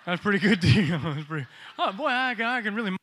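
A man's voice: high-pitched, fast talker. A man preaching a sermon as pastor, joking with the congregation and asking them questions. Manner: joking, animated preaching with audience call-outs.

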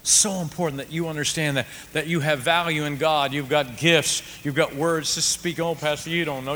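A man preaching a sermon, telling a story with swings from hushed to shouting. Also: on the high side, steady tone, moderate pace, hardly any pauses, a little hiss or hum. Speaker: pastor. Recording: reverberant hall with faint ambience.

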